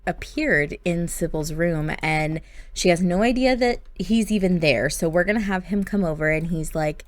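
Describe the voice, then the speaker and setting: A woman's voice: on the low side, normal speed. A woman hosting a gaming channel, narrating her play in a chatty, casual way. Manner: chatty, with fillers and laughs.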